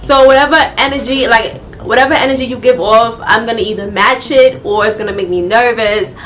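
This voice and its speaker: A woman's voice: on the high side, brisk, slight background noise. Slangy New woman telling a story. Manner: animated, slangy, laughing often. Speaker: vlogger. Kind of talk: casual storytime.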